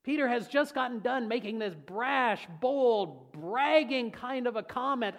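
A pastor delivers a sermon with folksy humor and lively storytelling. His voice sits high for a man. He drops down low and quiet when he turns reflective. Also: unhurried.

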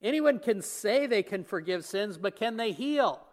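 A man's voice: high voice, lively intonation, measured pace, darkish tone. A man preaching a sermon, retelling a story and acting out the lines of the people in it. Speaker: pastor.

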